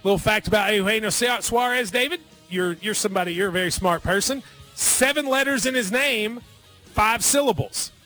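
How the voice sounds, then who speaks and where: A male radio sports host riffs through betting picks in a loose, jokey way. His voice sits high and sounds bright and forceful. Faint music runs underneath. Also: moderate pace. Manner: playful, jokey asides. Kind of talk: casual sports talk.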